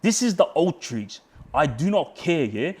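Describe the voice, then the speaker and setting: A man's voice: a little high, big pitch swings, unhurried, breathy edge. An Australian man telling a heated personal story in casual chat, swearing often and peppering his talk with "yeah" and "bro". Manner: heated, swears a lot, re-enacts shouting in quotes; frequent fillers like yeah, bro, friggin'.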